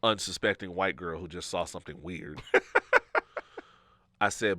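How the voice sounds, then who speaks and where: A man co-hosting a podcast, telling a story in a casual, animated way and acting out the people he quotes. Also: low voice, a little slow, pauses often, no room sound. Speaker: podcast co-host.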